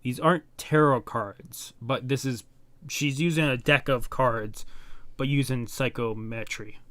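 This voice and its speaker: A man reads a comic aloud and comments on each panel in a slow, low-key mutter. The sound is dry and close, with no room around it. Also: fairly bright tone, dry recording. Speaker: manga reaction host.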